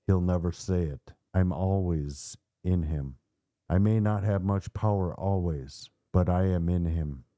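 A man voicing a scornful male demon speaking through a boy, taunting slowly and deliberately. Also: deep voice, dark tone, no room sound, studio quality.

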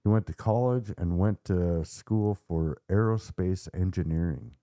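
A man hosting a podcast, retelling a story in a measured, dramatic way. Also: low voice, mellow, no echo, studio quality. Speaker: podcast host.

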